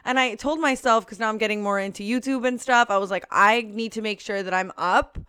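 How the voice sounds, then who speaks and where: Woman, twenties, podcast co-host. Clear, smooth voice, close and dry. Animated storyteller who laughs often. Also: on the high side, brisk, no echo. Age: 20s. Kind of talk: casual chat.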